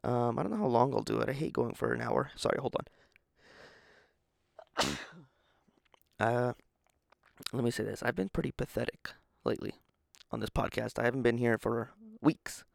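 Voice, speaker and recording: A man rambles through his solo podcast in a deeply gravelly, fry-laden voice. He sounds tired and self-deprecating, swearing casually as he goes. The mic is close and the sound is dry, with no room in it. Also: animated, moderate pace, long pauses, dry recording. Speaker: podcast host.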